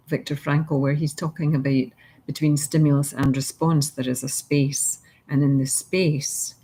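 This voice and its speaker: A woman hosting a daily mindfulness reading, who guides the listener through breathing in a soft, unhurried way and then reflects casually. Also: sits low, slightly rough, low-quality recording. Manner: soft, unhurried, gently guiding.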